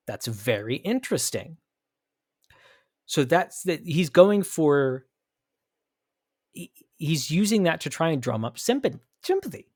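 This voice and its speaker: Animated, emphatic American man podcasting. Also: fairly high pitch, measured pace, long pauses, no echo, clean studio sound. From United States. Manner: emphatic, argumentative, thinks aloud with restarts. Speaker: podcast host. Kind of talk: opinion commentary podcast.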